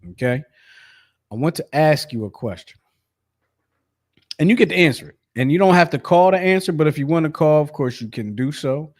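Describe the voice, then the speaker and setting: A man's voice: fairly high pitch, animated, a little fast, long pauses, darkish tone. A man hosting a sports podcast in a loose, chatty way, with lots of fillers and restarts. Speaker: podcast host. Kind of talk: casual sports chat.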